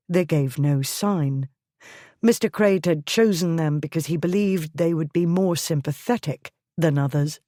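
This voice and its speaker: A woman narrates a novel in a slow, measured, even voice. Her tone is fairly low and mellow, recorded close and dry. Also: no room sound. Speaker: audiobook narrator. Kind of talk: scripted narration.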